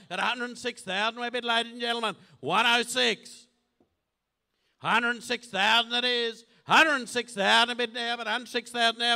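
An Australian man working as auctioneer, calling bids in a rapid, rhythmic, repetitive chant. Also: very high-pitched, bright, forceful tone.

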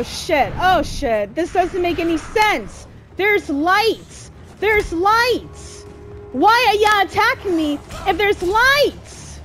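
A woman's voice: very high voice, a bit bright. A woman streaming gameplay, talking back to the game in casual slang, exasperated and swearing as she plays. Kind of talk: live gameplay commentary.

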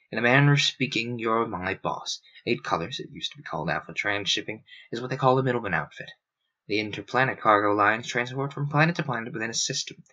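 A stern, grim manager speaks in a flat, guarded deadpan, as a man reading aloud puts him on. The tone is clear and bright but gives nothing away. The recording is dull and lo-fi. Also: on the low side. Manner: deadpan, clipped.

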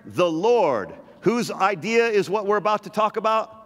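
Male pastor, high register, emphatic preaching with repetition, reverberant church hall. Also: expressive, moderate pace. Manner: emphatic, repeats phrases, teases the congregation. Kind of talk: sermon.

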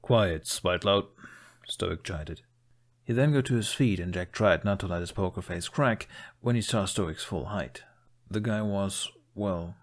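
A man reading a fan fiction story aloud as narrator, in a steady, even manner. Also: sits low. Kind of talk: audiobook narration.

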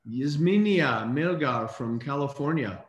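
A man hosting a casual online call, reading out names in an upbeat, brisk way. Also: medium pitch, lively intonation, reverberant, lo-fi sound. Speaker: host.

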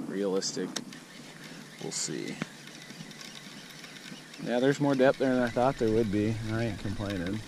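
A man's voice: fairly low pitch, measured pace, pauses often. A man filming himself while kayak fishing, chatting casually in a laid-back, rambling, self-deprecating way. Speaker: fishing vlogger. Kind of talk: casual self-filmed talk to camera. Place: outdoors on a river, kayak and sandbar. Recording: outdoor recording with noticeable river noise. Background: water and outdoor ambience.

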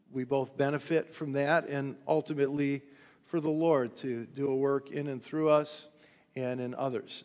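A male pastor giving a sermon in a relaxed, conversational way, with lots of fillers and a touch of dry humor, recorded during a live-streamed church service. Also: fairly high pitch, long reverb tail. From United States. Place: church sanctuary.

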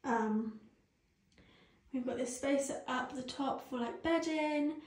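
A young British woman with a high, light voice chats away to her phone camera in her twenties-style vlog manner, gushing and easily moved. She's recorded in a small tiled bathroom that rings with echo. The sound is handheld and close. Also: slow. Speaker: vlogger. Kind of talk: casual chat to camera. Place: bathroom at home, indoors. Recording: echoey small tiled room.

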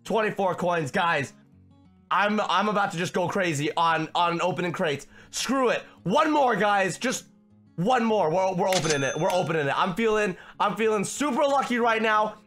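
A young man giving excitable, shouty commentary while playing a video game. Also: high-pitched, normal speed, faint music behind. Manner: shouty, reactive, frequent outbursts. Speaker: gaming video host.

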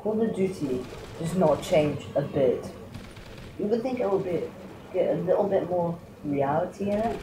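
A man's voice: high-pitched, expressive, normal speed. A man giving gameplay commentary, complaining melodramatically and cursing in bursts. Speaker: gaming video maker. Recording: roomy, distant mic with noise.

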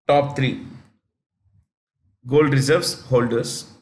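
A man teaching a current affairs lesson, repeating key figures slowly so students can write them down. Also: mid-range voice, fairly even intonation. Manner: repeats key facts slowly for note-taking. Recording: echoey room.

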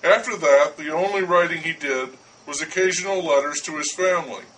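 Man, dry comic narration, high voice, far from the mic. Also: a little fast, fairly bright tone, a little hiss or hum.

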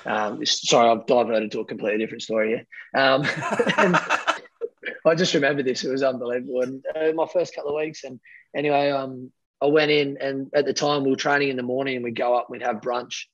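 A man's voice: medium pitch, fast, dry recording, highs cut off. An Australian man in his thirties, a rugby player, telling stories casually with lots of fillers and acted-out quotes. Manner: rambling, animated, lots of fillers, acts out quotes. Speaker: guest, professional rugby player. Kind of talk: casual storytelling.

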